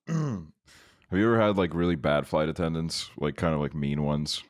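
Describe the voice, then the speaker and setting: A young man with a very deep voice chats on a podcast, relaxed and quick to laugh. His sound is dry and close, with no room around it. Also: no room sound. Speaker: podcast co-host. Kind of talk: casual chat.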